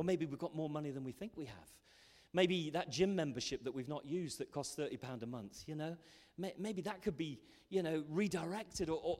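A man preaching a sermon as pastor, impassioned and emphatic, with loud peaks. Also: fairly high pitch. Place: church hall. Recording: long hall reverb.

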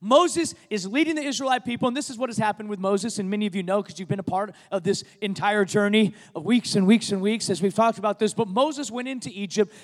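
A man preaching a sermon as a pastor, talking conversationally and building to emphatic peaks. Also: sits high. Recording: long hall reverb.

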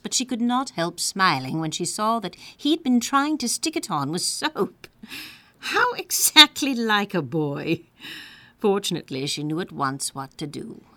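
A woman reading a classic storybook aloud with a lively, animated voice. Her pitch sits in the middle, and she reads playfully, leaning into the drama of each line. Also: unhurried, dry recording. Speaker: narrator.

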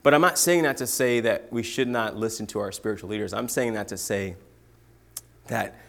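Animated young preacher, loud then hushed. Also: male voice, on the low side, moderate pace, creaky. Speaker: guest preacher. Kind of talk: sermon with personal stories.

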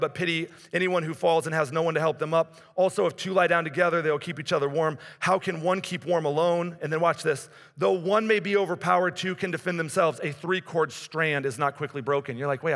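Bright high-voiced preaching man. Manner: conversational preaching, rises and drops in intensity. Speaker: pastor. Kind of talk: sermon. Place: church. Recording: long hall reverb.

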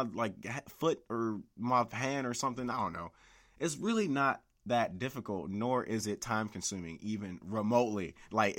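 In this casual solo podcast rant, the young host's lowish voice has a fairly bright tone. He rambles, curses freely, and leans heavily on "like" and other filler words.

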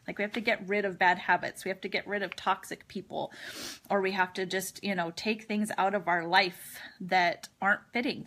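A woman's voice: medium pitch, a bit bright. A woman hosting her own podcast, talking openly and earnestly about a personal struggle, with chatty asides and prayer, sounding teary after crying. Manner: earnest, open, chatty with light laughs. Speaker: podcast host. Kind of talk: personal confessional talk with prayer.

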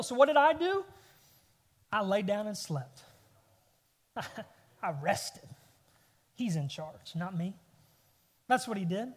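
A man's voice: sits high, animated, unhurried. A man in his thirties preaching a sermon, telling a family story with rising bursts of emphasis. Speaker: pastor. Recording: long hall reverb.

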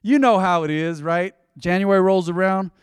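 A pastor preaching a sermon, telling stories and calling on the congregation to repeat after him. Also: male voice, sits high, normal speed, clear, resonant tone, no echo, clean studio sound. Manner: animated, storytelling with congregation call-and-response.

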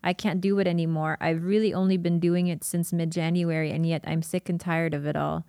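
A woman's voice: fairly low pitch, level tone, fairly quick, gravelly, dark tone, clear, resonant tone, no room sound. Woman reading a diary aloud, dry mic. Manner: emotional, laughing and tearing up while reading. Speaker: podcast host.

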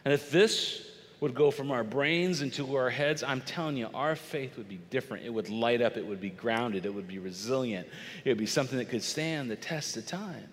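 A middle-aged man preaching a sermon in a lively, conversational way, acting out little bits of dialogue. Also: mid-range voice, moderate pace. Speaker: pastor. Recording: long reverb of a large hall.

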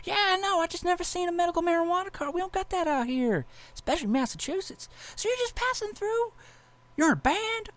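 Man doing a bewildered country cop, squeaky and high, lively swoops. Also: brisk, no room sound. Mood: incredulous. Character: baffled small-town male police officer.

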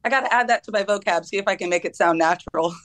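A woman's voice: medium pitch, fast, fairly bright tone. Chatty young woman footballer. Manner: laughs often, many ums. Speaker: guest footballer. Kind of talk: casual interview answers.

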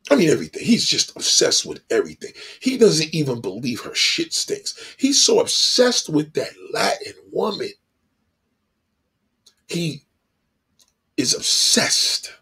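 Husky, animated man ranting bluntly. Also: a little high, a little slow. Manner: blunt, animated, acts out the people he talks about. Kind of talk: profane monologue commentary.

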